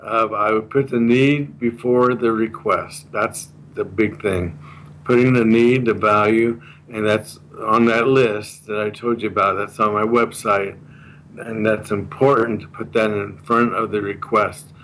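A man's voice: on the low side, steady tone, measured pace, a bit bright, slight background noise, rough recording. A man being interviewed, earnestly explaining a communication method and repeating the key points in a casual chat. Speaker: guest explaining a communication course.

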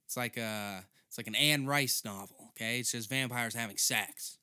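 A young man delivers a rambling, foul-mouthed comedy rant with a bright, forceful edge. His voice is smooth and crisp. The sound is dry and close. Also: mid-range voice, normal speed, no echo. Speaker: podcast host. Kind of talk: comedic monologue.

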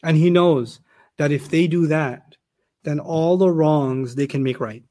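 A man's voice: a little high, measured pace, dark tone. A man giving a Quran commentary lecture, emphatic and repeating phrases for stress. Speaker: Quran teacher.

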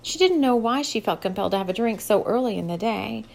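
A woman reading a novel aloud as an audiobook narrator, in a steady, measured storytelling voice. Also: fairly high pitch, vocal fry. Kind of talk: scripted narration.

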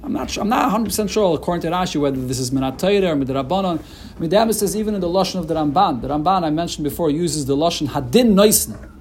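Lively man teaching a Talmud lesson. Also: sits high, slightly rough. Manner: explanatory, lively, with Yeshivish Hebrew terms and restarts. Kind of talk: Talmud lecture.

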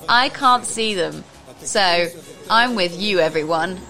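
A woman co-hosting a casual radio-style show, playful and teasing, quick to laugh. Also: fairly low pitch, expressive, pushed and bright, faint music behind. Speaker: podcast co-host.

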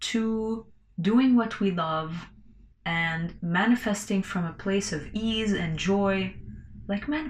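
A woman talking slowly and loosely on her own podcast, her voice sitting a little low. She rambles, swears freely and laughs between thoughts, and the room around her rings with a noticeable echo. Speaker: podcast host. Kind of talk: casual solo podcast monologue.

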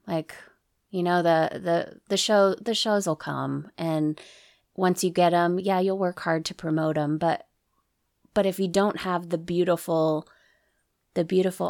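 A woman's voice: on the low side, gravelly, a little mellow, no room sound, studio quality. A woman who performs burlesque and music, a podcast guest speaking in an earnest, reflective way with many restarts. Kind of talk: casual interview chat.

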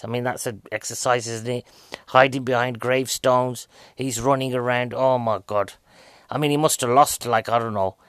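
A man's voice: mid-range voice, fairly bright tone, no room sound. A man giving a casual, jokey, rambling film review, a bit out of breath.

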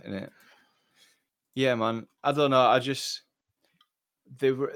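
A man's voice: lowish voice, fairly bright tone, no echo. A man co-hosting a podcast, chatting casually with hesitant, dry banter. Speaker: podcast co-host. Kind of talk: casual chat.

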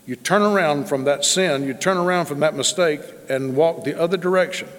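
A man voicing the Holy Spirit as a calm, measured male teacher within his sermon. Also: fairly high pitch, in a large hall, close to an everyday voice. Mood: instructing. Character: calm instructing divine voice, male.

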